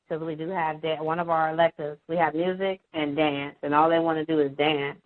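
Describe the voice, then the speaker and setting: Woman calling in, fed up and animated, lowish voice, thin phone line sound. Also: no echo. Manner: animated, exasperated, acts out quoted voices. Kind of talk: casual phone-in storytelling.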